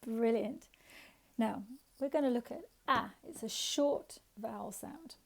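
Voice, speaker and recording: A woman teaches phonics to small children, sounding out letters and coaxing answers. Her voice sits a little high and she speaks slowly and deliberately, with a playful, sing-song lilt. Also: creaky, breathy edge. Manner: slow, sing-song and encouraging, with chanted sounds and songs. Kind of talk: phonics lesson for young children.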